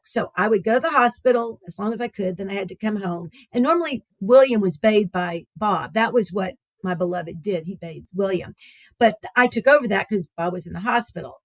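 A woman's voice: mid-range voice, no echo. A woman telling a heartfelt personal story as a radio guest, speaking tenderly and repeating phrases for emphasis.

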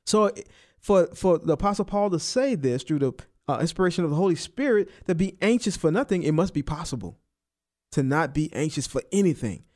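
A man's voice: on the high side, lively intonation, brisk, darkish tone. Preaching man with a raised voice. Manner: preacherly, repeats and stresses key phrases, rising on emphasis. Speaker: pastor. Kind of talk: sermon.

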